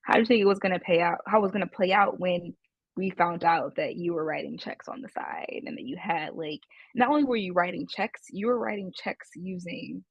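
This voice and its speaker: A woman's voice: on the low side, fairly quick, creaky, husky, no room sound, highs cut off. A woman co-hosting a podcast, talking casually and questioning, with many fillers. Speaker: podcast co-host.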